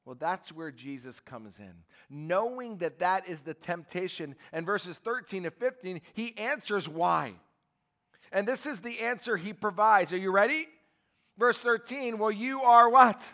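High, bright-voiced preacher man. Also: a little slow. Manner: emphatic, calls out to the congregation for responses; swings between quiet asides and shouting. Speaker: pastor. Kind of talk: sermon.

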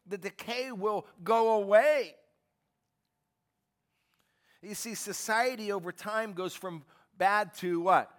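A man preaching a sermon as pastor, emphatic and calling out to his congregation for answers, moving between quiet asides and shouted lines. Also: high-pitched, slow, long pauses. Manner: emphatic, calls out to the congregation for responses.

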